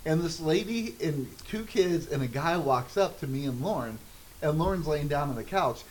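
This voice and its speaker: A man on a podcast tells stories in loose, casual chat, his voice a touch higher than usual. He laughs often and swears freely. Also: lively intonation, normal speed, a little hiss or hum, low-quality recording. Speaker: podcast co-host.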